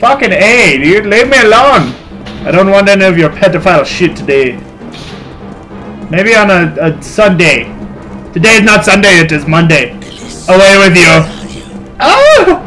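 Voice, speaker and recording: A young man commenting on a video game he is playing, swearing and yelling at it in an irritable mood. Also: high-pitched, a little slow, long pauses, soft background music. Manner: excitable, swearing, shouting at the game. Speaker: gaming channel host. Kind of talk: casual let's-play commentary.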